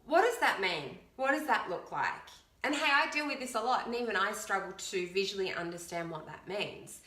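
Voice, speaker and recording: Bright chatty woman, echoey room. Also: medium pitch, lively intonation, moderate pace. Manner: chatty, upbeat, counting aloud. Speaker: fitness coach. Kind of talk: casual video chat.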